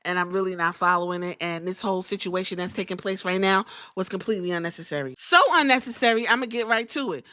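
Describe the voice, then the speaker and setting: A young adult woman hosting a podcast, giving a casual, profane, animated wrestling recap and acting out quotes. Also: lowish voice, quick pace, few pauses, dry recording, studio quality. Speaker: podcast host.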